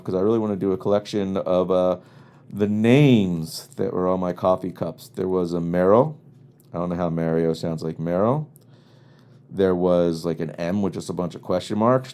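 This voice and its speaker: A man's voice: lowish voice, dark tone. A man hosting a podcast, originally from the US East Coast, telling rambling, wry and exasperated comic stories in a casual monologue. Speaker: podcast host. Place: home studio in Los Angeles.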